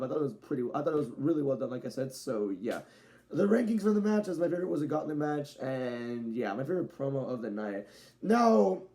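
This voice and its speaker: A man's voice: fairly high pitch, dark tone. A young man casually reviewing a wrestling show in a loose, rambling way, often correcting himself and using slang.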